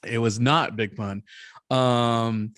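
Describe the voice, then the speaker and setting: A man hosting a casual recap podcast, rambling and hesitant, filling pauses with lots of ums. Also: medium pitch, fairly even intonation, fairly bright tone, no room sound, clean studio sound. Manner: rambling, hesitant with many fillers. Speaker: podcast host.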